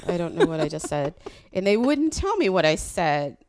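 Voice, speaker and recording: A middle-aged woman chatting casually as a guest, telling animated stories and acting out quotes with frequent laughs. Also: on the low side, moderate pace. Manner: animated storyteller, acts out quotes, laughs often. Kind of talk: casual podcast chat.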